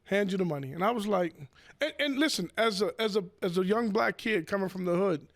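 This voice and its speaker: A man, a professional sports bettor, telling casual stories with swearing, restarts and loud acted-out quotes. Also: high-pitched, a little fast, dry recording. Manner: animated, repeats words, swears, acts out quotes in raised voice. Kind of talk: casual storytelling.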